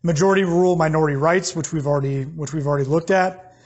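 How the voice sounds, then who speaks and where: American man, teacher, slightly raised pitch with a husky edge, plain lecture delivery. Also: steady tone, quick pace, a little mellow, highs cut off. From United States. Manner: plain explanatory, with fillers and restarts. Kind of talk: recorded class lecture.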